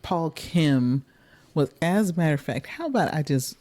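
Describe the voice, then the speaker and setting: A woman's voice: low voice, animated, normal speed, dark tone. A woman co-hosting a podcast in casual chat, laughing often and restarting her sentences. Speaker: podcast co-host.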